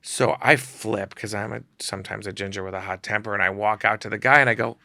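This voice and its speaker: Man, gravelly voice, bright tone, animated casual storytelling, dry close mic. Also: fairly low pitch, brisk, no room sound. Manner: animated, acts out quotes in shifting voices. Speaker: podcast guest, photographer.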